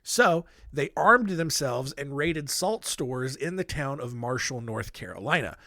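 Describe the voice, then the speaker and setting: Holding his own handheld microphone, a man hosts a casual history podcast, telling stories in a rambling way with self-deprecating asides. His mid-range voice is sharp in tone, with lively intonation and a measured pace. The studio sound is clean, with no room sound.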